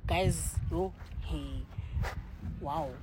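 A woman with a South African accent, reacting in a vlog with excited exclamations, swearing and repeated, earnest pleading. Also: low voice, very slow, heavy background noise. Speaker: reaction vlogger. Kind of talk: emotional reaction and pleading to camera.

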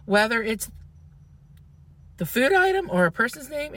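A woman's voice: mid-range voice, very animated, fairly quick, long pauses, dry recording. A woman from the American South chatting casually, chatty, opinionated and playful. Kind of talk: casual chat.

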